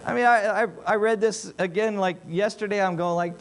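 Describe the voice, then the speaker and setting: A preacher gives a sermon in a somewhat high-pitched voice at a moderate pace with fairly even intonation, moving between quiet, wry asides and loud, emphatic bursts. A faint mains hum runs beneath the recording.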